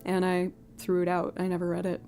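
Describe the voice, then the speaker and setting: A woman streamer telling a personal story in casual chat, acting out the people she quotes with sudden jumps in pitch. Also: fairly quick, soft background music. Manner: animated storyteller who acts out quotes with big pitch jumps. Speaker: streaming musician.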